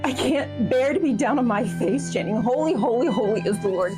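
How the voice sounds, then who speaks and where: A woman's voice: on the high side, animated, a little fast, music in the background, natural voice. A woman voicing a weary soul doomed to chant praise forever, complaining in a sing-song way in a parody clip. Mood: weary lament.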